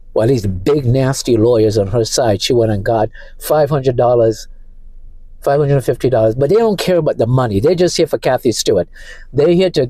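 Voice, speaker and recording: Shaken man, dark dry voice. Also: mid-range voice, dry recording, rough recording. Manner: distressed, halting, repeats himself. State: emotionally shaken. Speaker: vlogger. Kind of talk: emotional personal monologue. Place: parked car.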